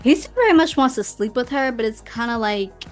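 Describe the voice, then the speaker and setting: A woman hosting a casual podcast, recapping a romance novel in a slangy, animated way and acting out the characters' quotes. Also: a little high, fairly quick, soft background music. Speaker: podcast host. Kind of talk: casual book review chat.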